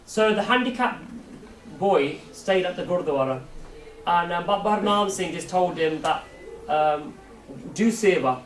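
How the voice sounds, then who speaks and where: A man's voice: high-pitched, lively intonation, unhurried. A man telling a story to a youth camp as a Sikh preacher, asking the audience questions and acting out voices. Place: large hall at a camp. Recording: echoey hall, mic far off, faint hiss.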